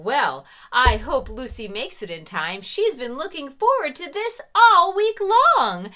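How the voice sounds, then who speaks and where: A woman's voice: high voice, pushed and bright. A woman playing Mother Goose, hosting an interactive preschool story time in a sing-song manner. She talks straight to young children, with big gasps and exclamations.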